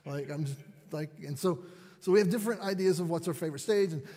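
Man, higher pitched and a bit husky, animated storyteller poking fun at himself, big hall echo. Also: quick pace. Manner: animated, self-deprecating storyteller. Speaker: parent and speaker. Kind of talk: storytelling talk to an audience.

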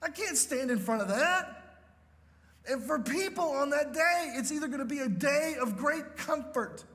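A man's voice: very high voice, animated, moderate pace, fairly bright tone, in a large hall. A man preaching a sermon as pastor, telling a story with emphasis and often checking in with the crowd. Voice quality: emphatic storytelling with frequent "okay?" check-ins.

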